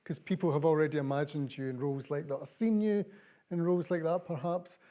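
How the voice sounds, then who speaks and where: A woman interviewing a guest onstage, speaking in a measured, thoughtful way. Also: deep voice, warm tone. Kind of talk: live onstage conversation.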